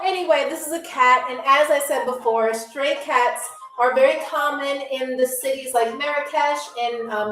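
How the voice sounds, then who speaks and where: A woman hosting a live-stream game show, chatting with viewers in a playful, teasing, sarcastic way. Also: sits high. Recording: echoey room.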